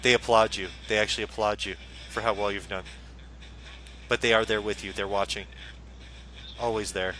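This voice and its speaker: A man working as a psychic medium, giving a live ghost box reading in a calm, steady way and closing each message with set phrases. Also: lowish voice, normal speed, pauses often, slight background noise, low-quality recording. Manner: calm, repeats messages, ritual sign-offs.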